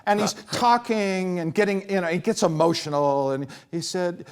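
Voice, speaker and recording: A man's voice: normal speed, clean tone. A man, a composer and performer, telling a story to a live audience during an interview and acting out the quotes. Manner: animated, acts out quotes with big pitch swings.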